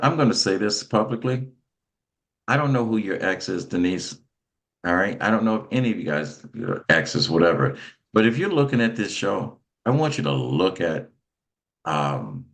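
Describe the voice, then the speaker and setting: A man's voice: sits low, lively intonation, normal speed, creaky. A man hosting a motivational talk show, talking emphatically and repeating himself as he calls out to his guests. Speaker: host. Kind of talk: animated talk-show chat.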